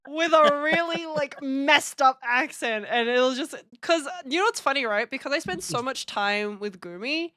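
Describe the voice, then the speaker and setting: A woman's voice: sits high, expressive, normal speed, few pauses, pushed and bright, no room sound, clean studio sound. A young woman with an Australian accent, chatting casually as a stream host, teasing and giggling often. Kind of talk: casual chat.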